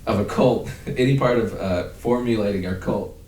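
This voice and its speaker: A man's voice: normal speed, darkish tone. A man co-hosting a podcast in casual chat, rambling, swearing freely and laughing at himself. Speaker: podcast co-host. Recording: roomy, distant mic with faint rumble.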